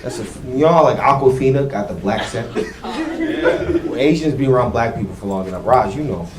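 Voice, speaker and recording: A man's voice: medium pitch, very animated, fairly quick, recorded from a distance, heavy background noise. A man doing stand-up comedy, brash and profane, riffing with the audience in a comedy club. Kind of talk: stand-up comedy with crowd work. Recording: echoey club with loud crowd laughter.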